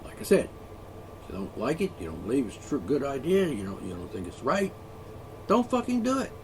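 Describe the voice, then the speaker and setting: A man's voice: mid-range voice, wildly swooping pitch, a little fast, a little hiss or hum. A man ranting alone, profane and sarcastic, mocking the people he is angry at. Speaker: ranting vlogger. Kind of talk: angry solo rant.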